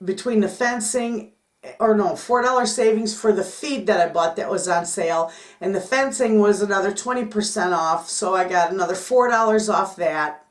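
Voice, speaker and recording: A middle-aged woman vlogging about her homestead, telling a story to the camera in an excitable, chatty way. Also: mid-range voice, normal speed. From Michigan, United States. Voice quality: chatty, excitable, repeats "I said" often. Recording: echoey room.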